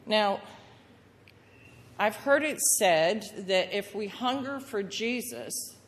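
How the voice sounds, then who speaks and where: A woman pastor preaching a sermon, telling the story lively and acting out the voices of the people in it. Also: mid-range voice, slow pace, in a large hall. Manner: storytelling with acted-out voices of the crowd and Jesus.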